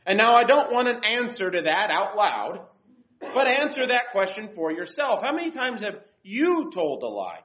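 A woman's voice: medium pitch, sing-song, normal speed, a bit bright. A young woman giving an earnest devotional Bible lesson and reading scripture aloud. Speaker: Bible teacher. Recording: dull lo-fi recording.

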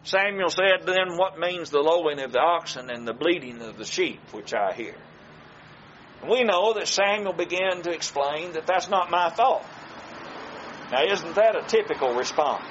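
A man preaching a sermon to his congregation, slow and emphatic, with dramatic pauses. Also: a little high, lively intonation, a bit bright, muffled recording, slight background noise.

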